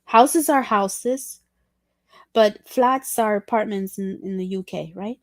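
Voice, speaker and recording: A woman's voice: mid-range voice, slow pace, a little mellow, no echo. A woman whose first language is Spanish, chatting casually on a livestream in a rambling, curious and apologetic way.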